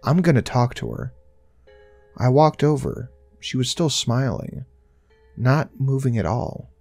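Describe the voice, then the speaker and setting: A man's voice: mid-range voice, a little slow, gravelly, a little mellow, faint music behind. A man narrating a first-person horror story in a tense, intense way, swearing now and then.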